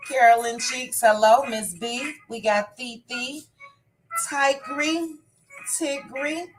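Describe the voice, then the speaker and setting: A woman's voice: on the high side, slow pace, music in the background, poor audio. A woman hosting a casual live stream, greeting viewers by name one after another. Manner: warm shout-outs, reading names one by one.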